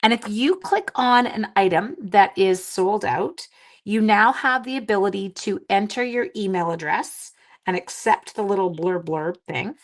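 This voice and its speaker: A woman's voice: mid-range voice, measured pace, poor audio. This is a woman in her forties who hosts a crafting livestream. She talks to her viewers in a chatty, upbeat and casual way, and she sounds like she is at home in her craft room. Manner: chatty and enthusiastic, talking to live viewers. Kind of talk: casual live-stream chat.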